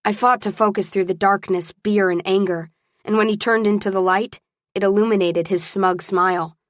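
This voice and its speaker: A woman's voice: medium pitch, steady tone, normal speed, no room sound. Woman narrating an audiobook, dry close sound. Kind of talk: first-person audiobook narration.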